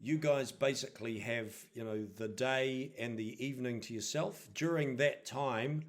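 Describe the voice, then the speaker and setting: A man's voice: mid-range voice, normal speed. A man narrating a tabletop role-playing game as game master, hesitant and full of ums.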